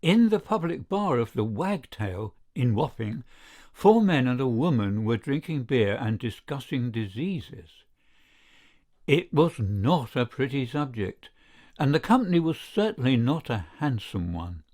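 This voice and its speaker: A man narrates a classic story at an unhurried pace. His pitch moves a lot, giving the telling plenty of lift and color. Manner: slow, lively storytelling delivery. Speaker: audiobook reader. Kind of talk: scripted narration of a short story.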